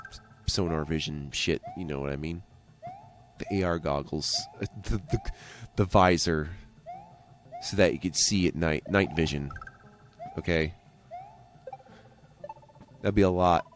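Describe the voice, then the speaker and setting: Rambling, joking let's play man. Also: low voice. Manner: rambling, joking, goes off on tangents. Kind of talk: casual gameplay commentary.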